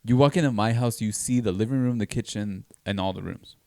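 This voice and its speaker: A man's voice: fairly low pitch, fairly quick, a little mellow, no room sound. A man from Texas co-hosting a podcast, telling stories in a joking, freely swearing casual chat. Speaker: podcast co-host.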